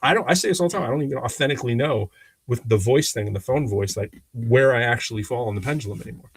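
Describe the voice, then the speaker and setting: Guy on a podcast, gravelly voice, talks fast and animated, lots of restarts, dry sound. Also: medium pitch, no echo. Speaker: podcast co-host. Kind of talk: casual conversation.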